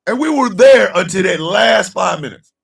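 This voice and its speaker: A man chatting loosely with his livestream chat, telling a story loudly and profanely and often breaking into laughter. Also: sits high, animated, normal speed, gravelly, distant mic.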